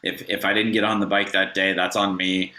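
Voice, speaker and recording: A man's voice: low-pitched, level tone, brisk, pushed and bright, reverberant. A man co-hosting a podcast in casual chat, earnest and practical, with many hesitations and restarts. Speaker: podcast co-host.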